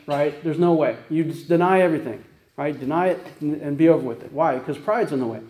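Male pastor, fast conversational sermon, mellow voice, echoey church room. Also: a little high. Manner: conversational, repeats "right?" and "guess what?".

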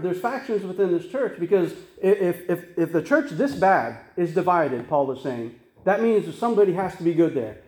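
A man's voice: high-pitched, darkish tone, reverberant. A man preaching a sermon as pastor, earnest and conversational, with frequent restarts and tag questions.

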